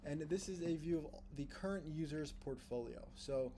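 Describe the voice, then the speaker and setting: A man presenting a steady, explanatory walkthrough of an app's features. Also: on the high side, normal speed, heavy background noise. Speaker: tutorial presenter. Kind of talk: screen-recorded app walkthrough.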